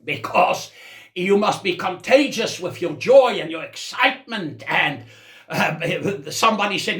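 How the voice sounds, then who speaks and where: A man's voice: high voice, expressive, measured pace, a bit bright, roomy sound. A man preaching a sermon as senior pastor, with a South African accent, exclaiming as he goes.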